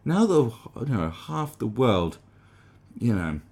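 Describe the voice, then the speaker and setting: A man's voice: mid-range voice, sing-song, takes it slowly, gravelly, darkish tone, slightly rough. A man delivering a sarcastic, rambling comedic monologue as the host of a commentary channel, with frequent restarts.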